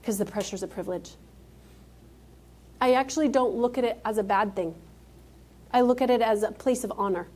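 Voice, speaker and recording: Pausing often but speaking a little fast, a woman with a highish, slightly mellow voice gives an on-stage motivational keynote. She talks emphatically and directly to the live audience, calling out to them.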